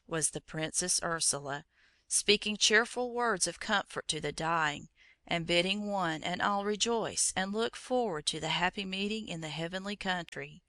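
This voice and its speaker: A narrator reading a storybook chapter aloud in a measured, even storytelling manner. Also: mid-range voice, vocal fry, no echo.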